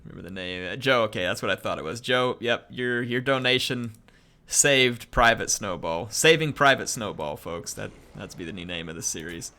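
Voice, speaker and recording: A man's voice: on the low side, lively intonation, normal speed, few pauses, pushed and bright. Chatty man streaming a game. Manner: chatty, reads viewer messages aloud. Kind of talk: casual live-stream commentary. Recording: music playing under voice.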